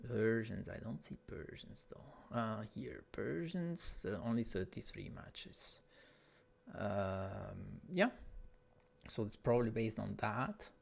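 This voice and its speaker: A man casts an esports match from a home setup over an online voice call, offering casual, hesitant game commentary while thinking aloud with plenty of fillers. His voice is lowish and creaky, animated yet slow-paced.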